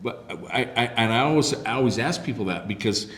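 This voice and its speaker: A man's voice: mid-range voice, fast. A man hosting a podcast, telling an anecdote in a casual chat and acting out the people in it. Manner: animated anecdote teller with quoted voices. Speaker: podcast host. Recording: echoey room with faint noise.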